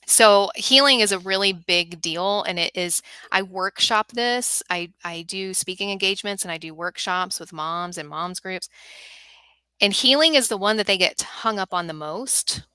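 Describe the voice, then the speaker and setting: A middle-aged woman with a bright, smooth voice, speaking earnestly and with animation. She sounds like a guest on a talk show. Her voice is recorded close to the mic in a dry room. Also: fairly low pitch, no echo. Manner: earnest, animated storytelling with acted quotes. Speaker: podcast host and workshop speaker for moms.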